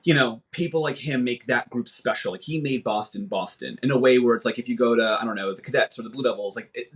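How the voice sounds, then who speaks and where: A man's voice: medium pitch, quick pace, breathy edge. A young man who is a podcast guest, speaking candidly with swearing and frequent restarts in casual chat. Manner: candid, profane, rambling with restarts.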